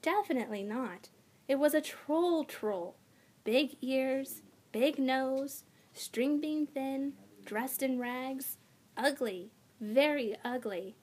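A woman's voice: high-pitched, takes it slowly, a little mellow. A woman voicing an imaginative young schoolgirl who talks earnestly and insistently. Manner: earnest, pleading, bargaining.

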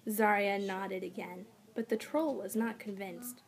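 A woman narrating a children's fantasy audiobook in an expressive storytelling manner. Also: medium pitch, unhurried.

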